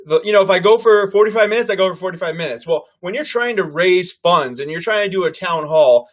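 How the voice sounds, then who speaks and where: A man hosting a political livestream, talking loudly and animatedly and calling his viewers "guys". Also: high-pitched, animated, quick pace. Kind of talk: casual political commentary.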